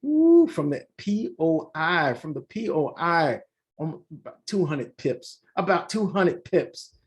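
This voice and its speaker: Animated man reviewing trades. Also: fairly high pitch, slow. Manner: animated, repeats himself, talks straight to viewers. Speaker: forex trading channel host. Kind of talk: casual screen-share market review.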